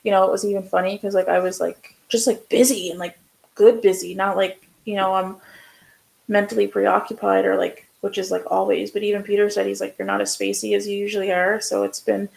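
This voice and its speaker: Gravelly-voiced young mom, rambling. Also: female voice, medium pitch, flat delivery, a little fast, darkish tone, poor audio. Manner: rambling, many "like" fillers. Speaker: podcast co-host. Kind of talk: casual chat.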